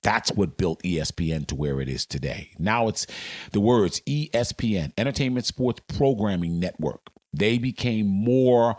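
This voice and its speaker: An older man with a very low, deep voice tells his stories emphatically, leaning hard on his key lines. He sounds like a veteran sportscaster talking as an interview guest. The sound is dry and close, with no room echo. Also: expressive, moderate pace, a little mellow. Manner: emphatic, dramatic storyteller. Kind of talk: storytelling in a podcast interview.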